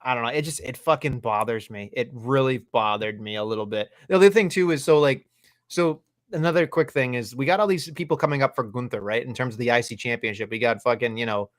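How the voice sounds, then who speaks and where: A man's voice: medium pitch, fairly quick, no echo, clean studio sound. A man co-hosting a casual wrestling podcast, ranting with exasperated, profane energy. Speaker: podcast co-host.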